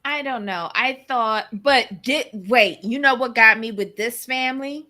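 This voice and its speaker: A woman co-host on a live-streamed recap show, talking in an unhurried, drawn-out way. Her voice sits a little high, and her remarks come out blunt and sassy. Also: pushed and bright.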